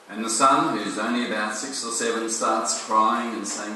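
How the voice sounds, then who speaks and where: A man's voice: mid-range voice, steady tone, normal speed, few pauses, sharp tone, slight background noise. A man with an Australian accent telling a story in an earnest, emphatic way. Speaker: speaker in a played video. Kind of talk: storytelling talk. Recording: echoey video playback from far off.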